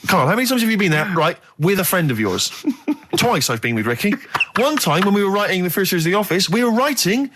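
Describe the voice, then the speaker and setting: A man's voice: high-pitched, big pitch swings, fast talker, background noise. A man co-hosting a studio radio show, ranting in mocking exasperation about a friend's habits. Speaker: radio co-host. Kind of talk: unscripted radio comedy chat.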